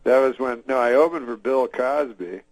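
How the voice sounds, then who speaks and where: A man telling a long anecdote in a deadpan, meandering way, with frequent filler words, restarts and chuckles to himself. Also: mid-range voice, normal speed, no room sound, low-quality recording. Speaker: guest. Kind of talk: rambling anecdote.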